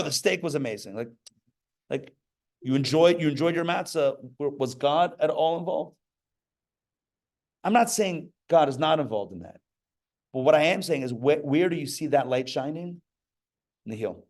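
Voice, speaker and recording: A man preaching as a rabbi at a live class, his voice a little higher than most and gravelly. He is animated, acts out the people he quotes and breaks into jokey asides. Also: normal speed, pauses often. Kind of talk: lively sermon. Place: live class before an audience.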